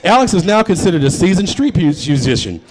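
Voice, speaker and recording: A man's voice: sits high, a little fast. A man in his forties hosting a live comedy show, telling jokes and chatting with the crowd. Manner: animated, chatty, working the crowd. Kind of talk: live stand-up storytelling. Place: bar venue, live show.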